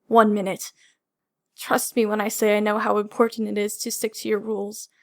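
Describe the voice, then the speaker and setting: A woman's voice: medium pitch, completely flat delivery, moderate pace, a little mellow, natural voice. A woman reading the part of a grave male hero leader, speaking in an earnest, apologetic and insistent way in an audiobook. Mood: earnest pleading.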